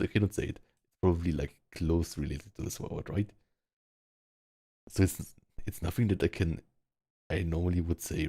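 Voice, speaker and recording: This VR social game player, a man with a German accent, has a low, dark, husky voice captured in a dry, studio-quality recording. Chatting casually from home in an online virtual world, he rambles full of fillers as he practices word sounds.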